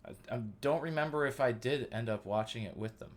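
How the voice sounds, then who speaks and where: A man in his thirties hosting a casual live stream, rambling excitedly with lots of fillers. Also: mid-range voice, a little fast, a little hiss or hum. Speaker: livestream host. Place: at home.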